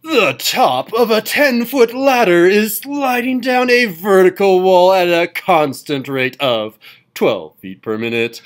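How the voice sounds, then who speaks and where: Male teacher doing a booming radio announcer, slow, loud, drawn-out delivery, raised pitch. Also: lively intonation. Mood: grandiose.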